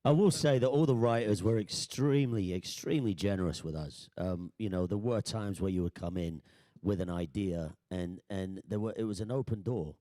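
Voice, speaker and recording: A man's voice: low voice, moderate pace, dark tone, no echo, clean studio sound. A man on a panel reminiscing in a rambling way, searching for details.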